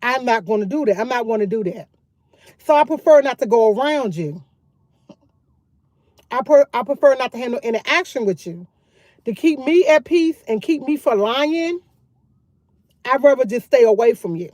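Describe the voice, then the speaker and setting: A talkative woman, speaking in a somewhat high voice. She chats candidly and loosely on a phone live stream from outdoors, circling back to the same points. The sound is dry and close, with little room around it. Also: animated, normal speed, long pauses, a little mellow, no room sound. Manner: candid, talkative, repeats herself. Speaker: vlogger live-streaming to chat. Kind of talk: casual live-stream chat.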